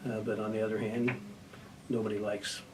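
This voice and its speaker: An older man, a retiring judge, answering an interview question in a measured, thoughtful way, with frequent pauses and fillers. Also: on the low side, flat delivery. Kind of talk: news interview. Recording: distant mic with faint noise.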